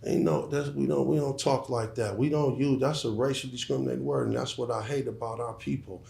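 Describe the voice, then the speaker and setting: A man's voice: mid-range voice, fairly even intonation, brisk, gravelly, mellow, roomy sound. A middle-aged man speaking as an interview guest, emphatic and profane, often repeating words as he starts a sentence. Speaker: guest, former hustler turned entrepreneur. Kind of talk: casual interview talk.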